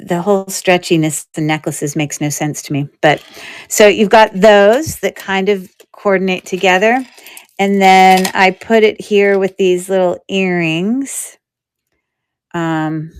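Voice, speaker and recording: Slow, smooth-voiced woman hosting a sale. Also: lowish voice, steady tone. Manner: chatty and rambling, thinking aloud. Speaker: host of a live jewelry sale. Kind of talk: casual live-stream selling chat.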